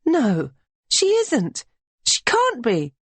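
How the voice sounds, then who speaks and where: A woman reading an audiobook, voicing a grief-stricken young woman who wails and sobs in a shrill voice. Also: wildly swooping pitch, extremely slow, husky, no echo, full character voice. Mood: anguished. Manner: wailing, shrill and sobbing.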